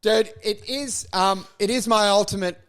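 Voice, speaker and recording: A man co-hosting a comedy podcast, telling animated stories in casual chat and acting out the people in them. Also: high-pitched, measured pace. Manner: animated storyteller, acts out voices. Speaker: podcast co-host.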